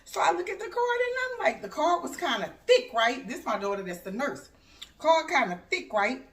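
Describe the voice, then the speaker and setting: An older woman, talking casually in her home kitchen in a home decor vlog and telling stories in an animated way. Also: on the high side, normal speed, far from the mic. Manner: animated storytelling, acts out the voices of her family and laughs. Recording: echoey room, voice off-mic.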